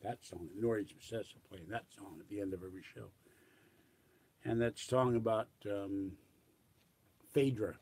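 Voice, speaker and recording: Husky older man rambling casually. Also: fairly low pitch. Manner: rambling, reminiscing, trailing off quietly.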